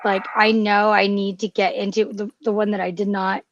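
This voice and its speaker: A woman co-host talks in a gushing, emotional way, tripping over restarts and fillers. Her voice sits at a middle pitch. It comes through a dull, dry home mic. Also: flat delivery, normal speed, no echo. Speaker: podcast co-host. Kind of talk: casual chat.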